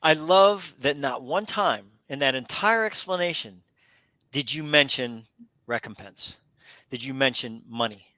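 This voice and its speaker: A middle-aged man hosting a radio interview in a casual, animated way, often repeating words and acting out quotes. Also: medium pitch, measured pace, no room sound. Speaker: radio show host.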